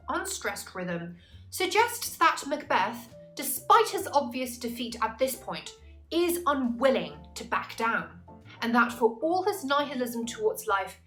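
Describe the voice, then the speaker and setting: A woman tutor giving a scripted, analytical literature lesson, slowing down to stress key terms. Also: on the high side, fairly bright tone. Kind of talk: scripted explanatory narration.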